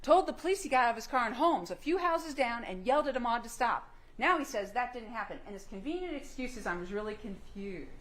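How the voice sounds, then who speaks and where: A woman's voice: a little high, lively intonation, quick pace. A woman prosecutor delivering a closing argument, pressing the jury with emphatic rhetorical questions. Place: courtroom. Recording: echoey courtroom with faint hum.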